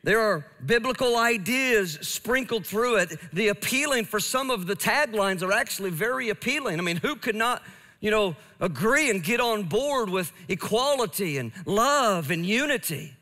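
A man's voice: high voice, lively intonation, moderate pace, sharp tone. A man preaching a sermon in a church, earnest and emphatic, building his points through repetition. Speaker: pastor. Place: church sanctuary. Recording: church hall reverb.

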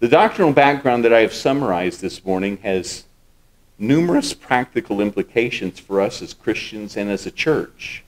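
A man's voice: lowish voice, expressive, normal speed. Emphatic male pastor preaching a sermon. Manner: emphatic, repeats key words for stress; teaching, explains scripture step by step.

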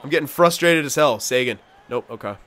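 A young man giving live commentary on his own hockey video game play, excitable and swearing loudly at the computer players. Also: mid-range voice, a little fast. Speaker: gameplay commentator.

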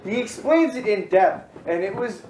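A man's voice: high voice, animated, moderate pace, a little mellow, slight background noise. A young man co-hosting a podcast, telling rambling stories in a casual chat and laughing often. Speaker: podcast co-host. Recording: echoey room.

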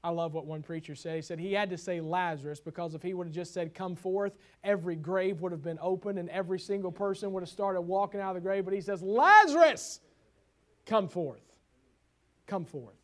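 High-voiced preacher, loud then hushed. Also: male voice, flat delivery, quick pace, few pauses. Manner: swings from loud exclamations to hushed tender passages; reads scripture in old biblical wording. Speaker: pastor. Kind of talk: sermon.

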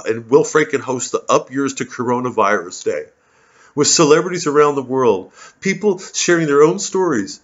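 A man voicing a sneering male online commenter in a drawn-out, whiny mock-lament. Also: medium pitch, highs cut off, voice pushed up, close to an everyday voice.

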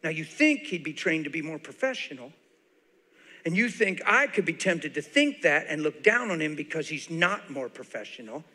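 A man's voice: fairly high pitch, moderate pace. A man preaching a sermon to a church, telling a personal story with a lot of animation, laughter and tears in his voice. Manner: animated, laughing and crying as he tells stories. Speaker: guest preacher. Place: large church auditorium. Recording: live sermon with long hall reverb.

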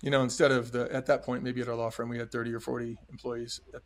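Quick-paced and flat in delivery, this mid-range male voice belongs to a middle-aged podcast guest who once ran a restaurant chain. He recounts his story earnestly and emphatically, frequently voicing other people's lines.

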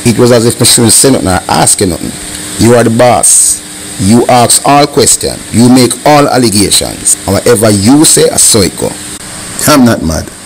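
A man's voice: mid-range voice, a little hiss or hum, rough recording. A man with a Jamaican accent, speaking in patois and making an indignant rebuttal as a vlogger. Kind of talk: heated commentary rebuttal.

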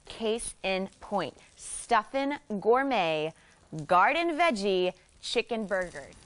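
Bubbly upbeat shopping channel hostess. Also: female voice, medium pitch, very animated, slow, a bit bright. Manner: bubbly, upbeat selling patter. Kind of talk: live home shopping presentation.

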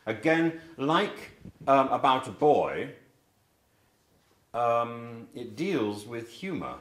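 A man from England teaching a class about books, rambling and chatty, with many fillers and restarts. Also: mid-range voice. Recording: echoey classroom.

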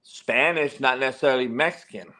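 A man's voice: mid-range voice, a little fast, pushed and bright. A male sports talk host who rambles and jokes with plenty of swearing. His delivery is loose, casual and self-mocking. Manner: profane, joking, rambling.

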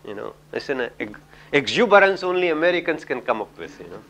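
Indian accented guy lecturing a class, bit high voice, rambly storytelling w lots of "you know". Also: big pitch swings, brisk, fairly bright tone. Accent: Indian English. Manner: chatty storyteller, frequent "you know", chuckles. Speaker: professor giving a lecture. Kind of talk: lecture with anecdotes.

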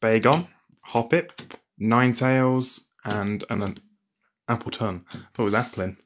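Young male streamer, even mid-range voice, casual card-by-card callouts, slight background hiss. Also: mid-range voice, a little slow. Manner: calls out card names in a steady list. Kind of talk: live-stream pack opening chat.

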